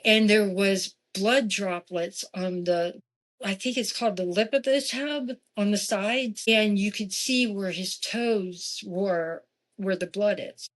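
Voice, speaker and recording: A woman's voice: medium pitch, slow. A woman telling a ghost story in conversation. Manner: animated, acts out quoted dialogue; frequent asides and restarts. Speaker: podcast guest. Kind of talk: casual personal storytelling.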